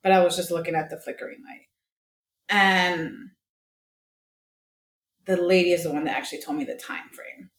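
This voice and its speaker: A woman's voice: lowish voice, fairly even intonation, moderate pace, pauses often, a little hiss or hum. A young woman from Colombia, a podcast guest, candidly telling a personal story, swearing freely and acting out the voices of people she quotes. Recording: echoey room with faint ambience.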